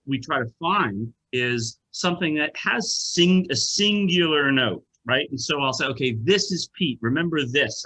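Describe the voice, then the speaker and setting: A man with a bright, forceful voice hosts a casual tasting over a video call. He talks in an animated rush, restarting his sentences as he goes. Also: mid-range voice, low-quality recording. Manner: animated, self-interrupting, lots of restarts. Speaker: wine shop co-host.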